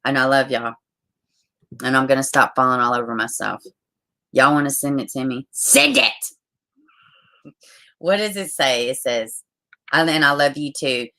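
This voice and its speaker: A woman's voice: very deep voice, normal speed, sharp tone. A woman hosting a casual livestream, chatting with viewers, swearing freely and greeting them with endearments. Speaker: livestream host. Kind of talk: casual livestream chat reading viewer comments.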